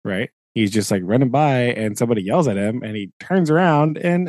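Man, podcast co-host, casual retelling, animated, acts out quotes, dry close mic. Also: medium pitch, brisk, few pauses, no room sound. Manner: animated, acts out characters' lines with filler "like". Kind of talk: casual retelling of a book chapter.

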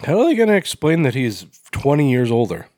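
Lively, swearing young man co-hosting. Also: mid-range voice, a little fast. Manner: loose and swearing, animated rants. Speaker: podcast co-host. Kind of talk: casual chat.

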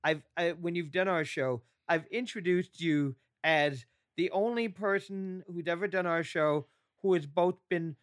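A man's voice: high-pitched, a little slow, smooth. A man hosting an interview, asking questions with many restarts and small hesitations. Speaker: host. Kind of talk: casual interview.

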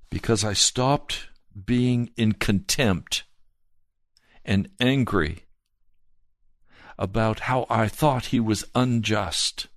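A man preaching a slow, earnest sermon and telling a personal testimony. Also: fairly low pitch, no room sound, clean studio sound. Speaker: pastor.

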